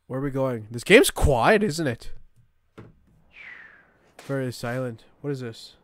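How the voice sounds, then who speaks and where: A young man commenting on a game as he plays, swearing often and joking excitedly. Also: mid-range voice, a little slow, faint music behind. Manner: profane, excitable, jokey. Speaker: gaming YouTuber. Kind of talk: let's play commentary.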